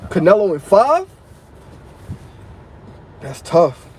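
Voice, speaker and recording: A man's voice: high-pitched, very animated, takes it slowly, slight background noise, poor audio. Slangy man chatting on a live stream. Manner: loose slangy street talk, reads chat comments aloud. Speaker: live-stream host reading chat. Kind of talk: casual live-stream chat.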